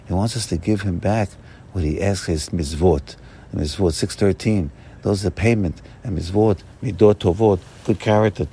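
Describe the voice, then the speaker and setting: A man giving a fervent Sabbath morning sermon as a rabbi, repeating short phrases and swinging between loud bursts and soft low asides. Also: husky.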